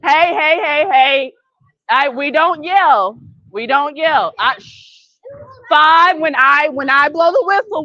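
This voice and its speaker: Woman, basketball coach, high-pitched, brisk commands, encouraging, dull sound, dry. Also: no room sound. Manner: brisk, directive calls and encouragement; patient, gentle correction of the group. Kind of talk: coaching kids during practice.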